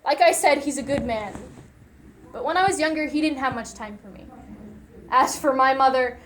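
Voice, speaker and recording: A young woman performing a dramatic monologue as an unhinged young loner raised by television, lurching between hushed murmurs and shrill outbursts. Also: normal speed, roomy sound, a little hiss or hum. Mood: bitter, wistful. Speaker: speech competitor.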